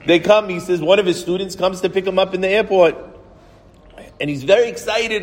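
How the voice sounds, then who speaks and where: A man telling a story as a Torah lesson to a small group, lively and often restarting his phrases. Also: high voice, a little fast. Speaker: Torah teacher. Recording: reverberant room with faint noise.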